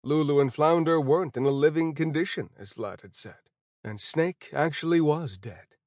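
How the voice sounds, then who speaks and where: A man narrating a first-person fantasy audiobook in a steady, even storytelling voice. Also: on the high side, normal speed, dry recording, clean studio sound.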